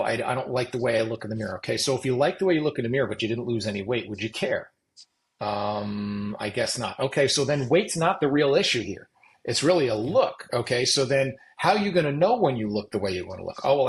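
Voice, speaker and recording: A middle-aged man, a fitness coach guesting on a podcast interview, who acts out coach-client dialogues in quick back-and-forth. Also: mid-range voice, poor audio.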